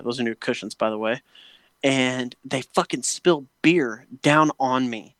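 Man, casual chat, swears a lot, ranting storyteller, mid pitch, dry close mic. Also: fairly even intonation, moderate pace, a bit bright, smooth, dry recording. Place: home patio.

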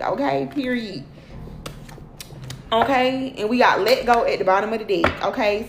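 A woman's voice: a little high, a little hiss or hum. Blunt, profane woman in an echoey room. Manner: profane, blunt and preachy, heavy swearing and repeated "okay?" and "period". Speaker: tarot reader addressing her followers. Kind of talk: casual spiritual tarot reading.

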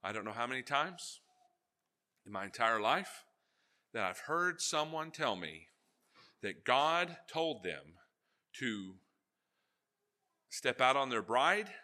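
A male pastor preaching a sermon, telling jokey stories and swinging between loud asides and hushed, earnest points. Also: medium pitch, very animated, takes it slowly, long pauses.

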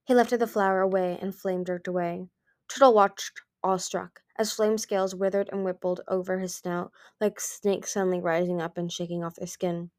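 A woman's voice: lowish voice, fairly even intonation, normal speed, darkish tone, no echo, studio quality. A woman reading a fantasy novel aloud in an amateur recording, with small slips and restarts. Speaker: audiobook reader.

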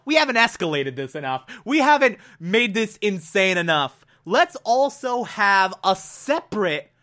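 An excitable man recaps a TV episode, gushing and repeating phrases for emphasis. His voice sits high and comes across bright and sharp. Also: unhurried, few pauses. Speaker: TV episode reviewer.

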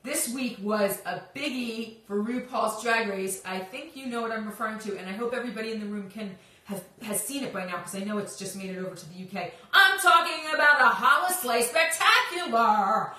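Woman host of a live-stream chat, bright and bubbly with a sing-song lilt, recorded off-mic in an echoey room. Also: fairly high pitch, animated, a little fast, hardly any pauses, distant mic. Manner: bubbly, sing-song, greets viewers by name.

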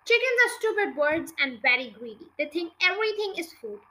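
Podcast reader: woman, expressive children's-book narration, bright tone. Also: very high voice, a little fast, low-quality recording. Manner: expressive, lively read-aloud. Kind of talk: reading a children's book aloud.

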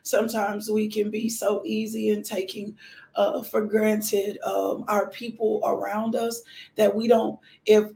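Hoarse, gravelly woman host, casual devotional prayer, echoey room. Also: mid-range voice, flat delivery, unhurried. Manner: warm, repetitive thanksgiving, greets viewers by name. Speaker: host of a morning devotional livestream.

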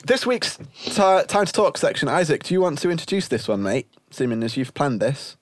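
A man's voice: a little high, very animated, fairly quick, no room sound. A young man hosting a casual podcast chat, teasing his friends and laughing often. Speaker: podcast host.

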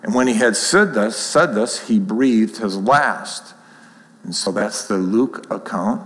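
A man with a fairly low voice preaches in a measured, explanatory way, reading passages aloud and then commenting on them. His voice rings out with a long reverb, as if in a large hall. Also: fairly bright tone. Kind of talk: sermon with scripture reading.

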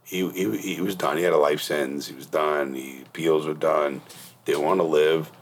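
A man's voice: rumbling low, steady tone, moderate pace. A middle-aged man hosting a podcast, telling blunt, profane stories in casual interview chat. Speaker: podcast host.

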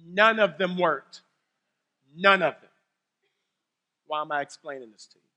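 A man preaching a sermon as pastor, telling stories animatedly, swinging between loud exclamations and low serious tones. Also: measured pace, in a large hall. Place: church sanctuary.

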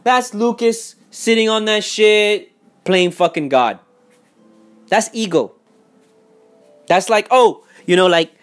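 A young man in a heated, profane, casual rant. He repeats himself and swings between loud outbursts and muttering. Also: sits high, slow pace, long pauses. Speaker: vlogger. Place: home in Miami.

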